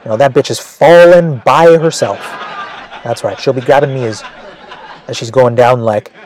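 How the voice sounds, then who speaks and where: A man's voice: medium pitch, moderate pace, darkish tone, some chatter behind, a little hiss or hum. A male comedian telling a rambling, self-mocking story, with frequent "right?" asides.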